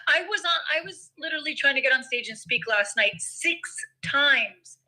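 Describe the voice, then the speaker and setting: A woman chatting casually in a live audio room, talkative and excitable. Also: sits high, normal speed, rough recording. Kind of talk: casual chat.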